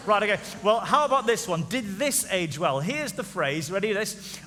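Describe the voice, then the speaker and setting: A man's voice: high voice, lively intonation, a little fast, pushed and bright. A man in his forties preaching a comedic sermon in a church, teasing the crowd and asking it questions. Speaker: pastor. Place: church auditorium. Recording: reverberant church hall.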